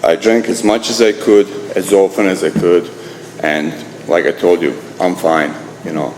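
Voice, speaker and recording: A man's voice: sits low, fairly even intonation, normal speed, darkish tone. Croatian-accented man in an echoey hall. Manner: blunt, profane, self-mocking, sentences restarted in slightly broken English. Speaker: AA meeting speaker. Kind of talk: recovery talk sharing his story. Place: meeting hall. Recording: echoey hall with faint room noise.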